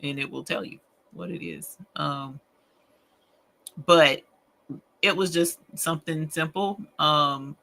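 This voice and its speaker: Her voice sits low with vocal fry, a steady and fairly bright tone, and a slow pace with frequent pauses. She hosts a late-night rhinestone crafting livestream, chatting to viewers in a rambling, folksy way and laughing often.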